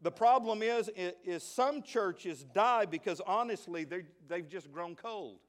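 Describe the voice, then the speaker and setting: A man with a Southern US accent preaching a lively sermon as pastor, dropping into quiet asides and jokes before rising to shouted praise. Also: sits high, a little slow.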